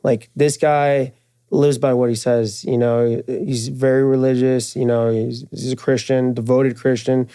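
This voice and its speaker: A man chatting in an interview at a trade show, full of slang, fillers and the odd swear. His voice is mellow and mid-pitched. He jumps up in pitch when he quotes friends, then drops back to an easy, rambling flow. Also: measured pace, smooth. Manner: animated, acts out quoted friends in raised voice. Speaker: guest, firearms and jiu-jitsu instructor. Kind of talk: casual interview storytelling.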